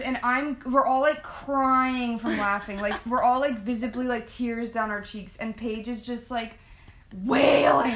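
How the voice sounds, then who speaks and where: A woman's voice: fairly high pitch, a bit bright, a little hiss or hum. A young woman co-hosting a casual podcast chat, telling stories in a rambling way full of "like" and frequent laughter. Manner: chatty storyteller, heavy use of "like", laughs often. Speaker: podcast co-host.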